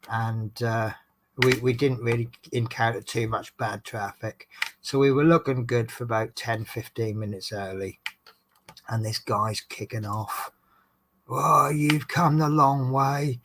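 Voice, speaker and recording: A chatty man rambles through stories about his bus shifts and breaks off to greet people in the chat. His voice sits at an ordinary middle pitch. A faint hiss and small clicks run under his talk. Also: fairly bright tone. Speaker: bus driver and streamer. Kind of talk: casual storytelling to live chat. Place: indoors at home, crafting in the dark.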